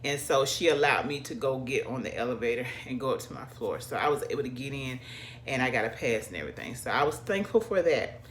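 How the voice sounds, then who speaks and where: A woman with a low, husky-toned voice tells a personal story straight to her viewers. She talks animatedly and casually, calling her audience y'all. A faint hiss sits under the recording. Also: expressive, fast. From American South. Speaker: vlogger.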